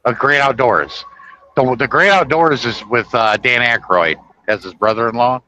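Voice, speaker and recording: A man's voice: mid-range voice, normal speed, bright, forceful tone, lo-fi sound, a little hiss or hum. A man hosting a casual chat, retelling movie scenes in a rambling, self-correcting way. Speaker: host. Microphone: podcast microphone.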